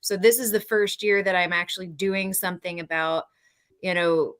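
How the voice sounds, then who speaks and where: A woman co-hosting a casual podcast, telling her story in an earnest, animated way. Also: lowish voice, normal speed. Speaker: co-host.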